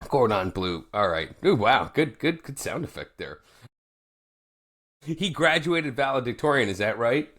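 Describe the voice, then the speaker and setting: A man co-hosting a podcast, playful and quick to joke, chatting and reading a guest introduction. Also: medium pitch, expressive, a bit bright. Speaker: podcast co-host.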